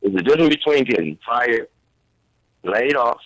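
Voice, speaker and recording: A man's voice: medium pitch, lively intonation, moderate pace, a bit bright, no echo, rough recording. A man, a guest on a talk show, arguing local politics earnestly and emphatically in informal speech.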